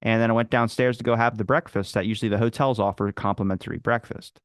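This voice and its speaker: A man's voice: lowish voice, fairly even intonation, fast, dry recording, studio quality. A man telling a rambling, casual story as a podcast guest, with plenty of fillers and acted-out quotes. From Philadelphia area. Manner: rambling anecdotes, acts out quoted people.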